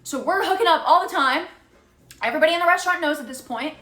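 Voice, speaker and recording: Bright, animated young woman streamer. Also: very high voice, quick pace, roomy sound. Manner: animated, swearing, dramatic retelling with quoted voices. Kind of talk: casual storytelling chat.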